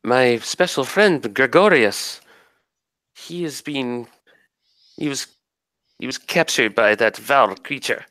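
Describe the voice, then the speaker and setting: A lilting, high-pitched forest spirit woman, gentle and fey, from a tabletop game session, as the game master puts her on. Her voice rises far above a man's usual range and comes out breathless and pleading, with a clear, forceful tone. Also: animated, takes it slowly, pauses often, no room sound, clean studio sound. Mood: anguished. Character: graceful female tree spirit, gentle and fey.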